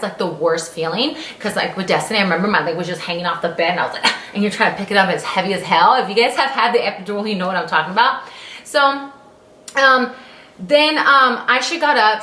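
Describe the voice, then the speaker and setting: A woman's voice: mid-range voice, sharp tone, echoey room. A young adult woman vlogger telling a personal story in casual, candid speech, acting out her own exclamations and swearing freely.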